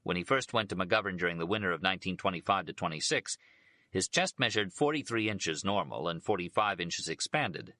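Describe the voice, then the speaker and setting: A man narrating a biography audiobook in a steady, unhurried reading voice. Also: low voice, no echo.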